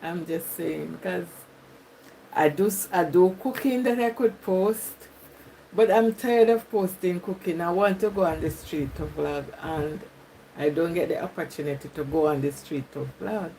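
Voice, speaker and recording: A woman's voice: on the low side, measured pace, mellow, slight background noise, low-quality recording. A Jamaican woman chatting with viewers on a live stream, reading comments aloud and laughing often. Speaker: YouTuber.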